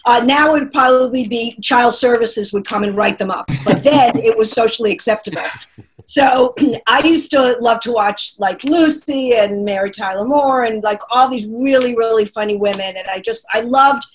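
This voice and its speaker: A woman comedian speaks in dry, self-deprecating asides. Her voice sits a little high. She is heard over a video call. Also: moderate pace, slight background noise, poor audio. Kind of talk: casual panel chat.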